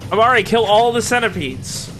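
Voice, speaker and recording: A man acting as game master, narrating the action with lots of ums and quick self-corrections. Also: high voice, animated, sharp tone, soft background music. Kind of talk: running a tabletop game.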